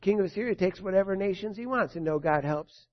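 A male pastor preaching a sermon in an earnest way, moving between soft and emphatic. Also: high-pitched, quick pace. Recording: dull lo-fi recording.

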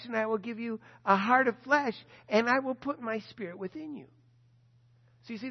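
A man preaching a sermon, telling a story with lively animation and acting out the people he quotes. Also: very high-pitched, in a large hall, lo-fi sound. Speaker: pastor.

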